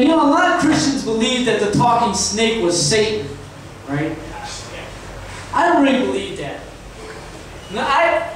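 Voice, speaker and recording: High-pitched guy doing dirty stand-up, rambly, super echoey room from far off. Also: a little hiss or hum. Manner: rambling, crude, keeps asking "right?". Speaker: stand-up comedian. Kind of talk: crude stand-up comedy.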